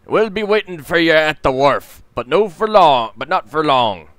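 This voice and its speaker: A man's voice: fairly high pitch, expressive, normal speed, fairly bright tone, no room sound, pitched above the performer's own voice. A man voicing a drunken, greedy male pirate captain in a video game playthrough, with a boisterous pirate growl.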